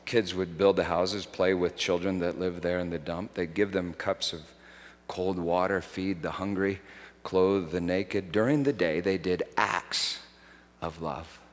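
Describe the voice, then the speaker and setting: A man preaching a sermon, swinging from hushed, slow phrases to loud, soaring outbursts. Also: low-pitched, fairly even intonation, long reverb tail.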